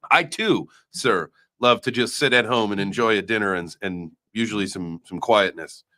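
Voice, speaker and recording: A man's voice: on the low side, moderate pace, pushed and bright, dry recording, studio quality. A man hosting a live crypto stream, upbeat and casual, thanking viewers and reading out super chats. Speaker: host.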